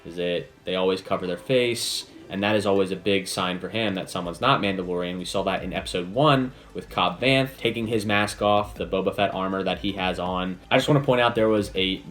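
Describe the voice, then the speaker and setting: A man's voice: low-pitched, a little fast, hardly any pauses, a bit bright. A man giving a casual, enthusiastic spoiler review, chatty and full of "basically" and "like". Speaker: video reviewer.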